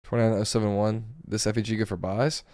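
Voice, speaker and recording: A man with a hoarse, gravelly voice giving casual live commentary while day trading, thinking aloud over his charts. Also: lowish voice, little pitch movement, fast talker, darkish tone, dry recording, studio quality. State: hoarse, voice going.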